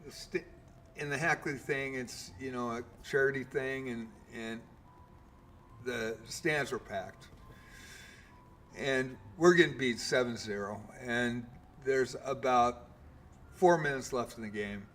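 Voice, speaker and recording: A man's voice: mid-range voice, takes it slowly, long pauses, fairly bright tone, slight background noise. A man in his fifties, a game streamer, casually telling a long story with lots of fillers and mild swearing.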